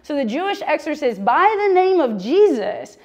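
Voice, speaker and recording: A woman's voice: sits high, very animated, normal speed, darkish tone, highs cut off. A woman teaching a humorous, chatty Bible lesson, joking and laughing often.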